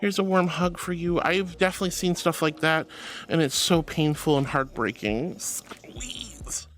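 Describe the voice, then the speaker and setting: He's a chatty, apologetic livestream host who reads out his chat, affectionately calling viewers sweetie and honey and admitting he's a yapper. His pitch is fairly high and a bit bright, with fairly even intonation at a normal speed.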